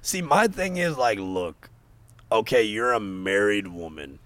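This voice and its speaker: A man's voice: lowish voice, measured pace, no room sound. A man in casual podcast chat, telling stories animatedly and swearing freely. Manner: animated, profane, storytelling.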